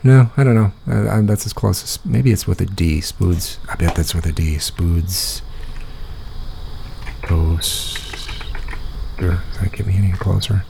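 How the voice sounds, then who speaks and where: A man's voice: low-pitched, unhurried, long pauses, noisy background. A man with a Midwestern American accent hosting a casual chat, rambling and thinking aloud as he looks things up. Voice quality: gravelly, husky. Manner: rambling, thinking aloud while searching online. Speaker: podcast host.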